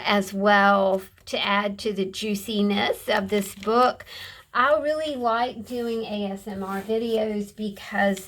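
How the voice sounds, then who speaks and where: A woman's voice: mid-range voice, fairly bright tone. A woman vlogging in a casual, meandering chat as she decorates a journal. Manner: meandering, chatty and unhurried. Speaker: craft vlogger. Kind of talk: casual chat while crafting.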